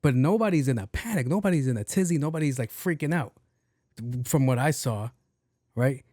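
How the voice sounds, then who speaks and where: A man hosting a podcast, telling a story in a casual, animated and profane way and acting out the dialogue. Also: mid-range voice, a little fast, dry recording, clean studio sound. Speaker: podcast host.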